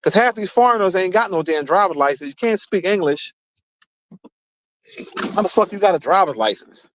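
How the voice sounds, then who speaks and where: A man's voice: high voice, expressive, moderate pace, fairly bright tone, no echo. Profane rambling man talking while driving. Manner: profane, rambling, talks straight to viewers. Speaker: streamer. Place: in a car.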